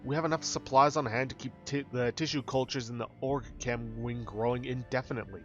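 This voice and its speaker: A man's voice: mid-range voice, steady tone, fairly quick, highs cut off, soft background music, natural voice. A man voicing a blunt, grim survivor who argues in a matter-of-fact way. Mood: insistent.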